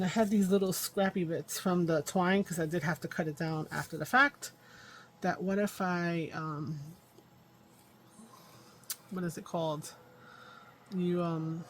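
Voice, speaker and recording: Working at her craft table at home, the fairly low-voiced host of a crafting channel chats away to herself in a casual vlog while her hands stay busy. There's slight background noise.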